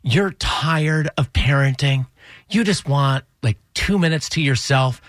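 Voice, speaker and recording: A man's voice: medium pitch, a little slow, fairly bright tone, no echo. A man in his thirties co-hosting a morning radio show, telling rambling, self-mocking stories in casual chat. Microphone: studio microphone.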